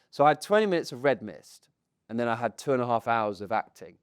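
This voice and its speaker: A man in his thirties, a podcast co-host, telling a lively anecdote to a live audience, acting out quotes and often laughing. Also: mid-range voice, fast talker, clear, resonant tone, dry recording, studio quality. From England. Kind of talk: animated storytelling to a live audience. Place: stage in front of a live audience.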